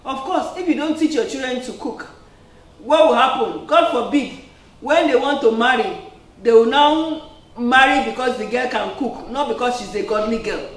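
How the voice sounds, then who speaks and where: A woman's voice: a little high, moderate pace. A woman preacher giving an earnest sermon, peppered with "amen" and "praise the Lord". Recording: echoey room, distant mic.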